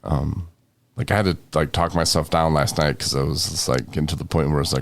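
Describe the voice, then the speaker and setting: A man's voice: very deep voice, steady tone, fairly quick, gravelly. A young man with covid, hosting a casual podcast and rambling in a tired, joking way. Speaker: podcast host.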